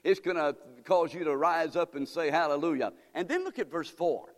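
A male pastor preaching a sermon, reading scripture slowly and with emphasis, calling on the congregation to respond, then praying. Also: a little high. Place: church sanctuary. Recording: reverberant hall.

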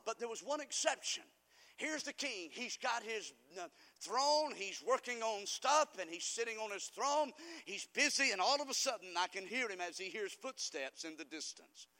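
A man preaching a sermon in a church, fervent, swinging from quiet asides to loud cries. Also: high-pitched. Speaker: pastor. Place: church sanctuary. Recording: long hall reverb.

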